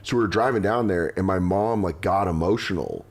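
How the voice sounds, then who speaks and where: A man hosting a podcast, telling rambling personal stories in casual chat and acting out quotes. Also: deep voice. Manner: rambling storytelling, quick vivid quotes. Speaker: podcast host.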